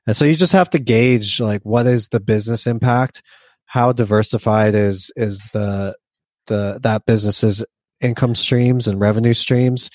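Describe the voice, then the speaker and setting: Man, podcast co-host, low voice, casual chat, restarts and fillers, dry sound. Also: a little slow, dry recording. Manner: conversational, frequent restarts and fillers. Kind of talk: casual investing discussion.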